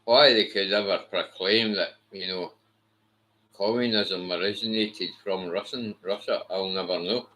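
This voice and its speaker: A man with a very low voice speaks slowly in a rambling rant. His tone is hard and cutting, and he swears freely and scornfully throughout. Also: steady tone, pushed and bright, rough recording. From Britain. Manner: blunt, heavily profane, scornful. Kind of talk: ranting monologue.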